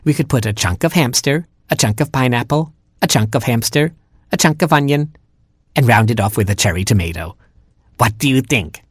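A man voicing a greedy old female porcupine who drawls, gloats and snaps, with a husky, dry sound. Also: medium pitch, expressive, dry recording. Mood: greedy scheming. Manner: gloating, drawn-out, snappish.

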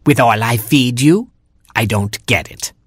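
A man voicing a greedy old female porcupine who drawls, gloats and snaps, with a husky, dry sound. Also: mid-range voice, no room sound. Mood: greedy scheming. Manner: gloating, drawn-out, snappish.

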